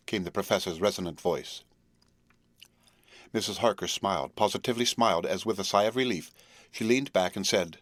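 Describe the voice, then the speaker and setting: A man narrating a classic novel in a measured, solemn audiobook reading. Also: deep voice, animated, dry recording.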